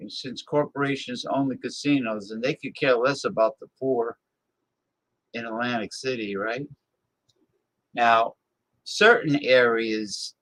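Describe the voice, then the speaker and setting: Slow-talking, blunt male host. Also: mid-range voice, a bit bright. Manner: blunt, scornful, grumbling. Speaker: live-stream talk show host. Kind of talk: casual ranting monologue, reacting to viewer chat.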